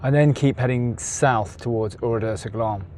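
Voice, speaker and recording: Travel vlogger, man, mid pitch, casual and wry, noisy car recording. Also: moderate pace, a little mellow. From England. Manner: chatty, self-deprecating, laughs at himself. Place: in a car and outdoors on a ferry. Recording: noisy car and outdoor background. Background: car and traffic noise.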